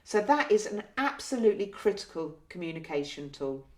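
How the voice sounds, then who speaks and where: A nurse explaining care to health staff in a gentle, patient way, often ending points with tag questions. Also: female voice, mid-range voice, very animated, a little fast. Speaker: community learning disability nurse. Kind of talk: training talk with role-play. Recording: roomy echo.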